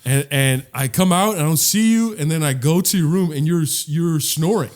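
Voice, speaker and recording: A young man with a slightly high voice rambles through a story about himself, poking fun at his own antics and swearing as he goes. He stumbles and restarts often, like someone talking off the cuff with a friend. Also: normal speed, a little mellow. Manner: rambling storyteller, self-mocking, swears a lot, many restarts and laughs. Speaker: podcast co-host. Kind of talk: casual chat.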